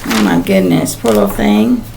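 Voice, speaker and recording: A woman's voice: medium pitch, huge pitch swings, moderate pace, vocal fry, background noise. An older woman, a psychic channeler, giving a casual spoken reading in a rambling, emotional way with many "um"s.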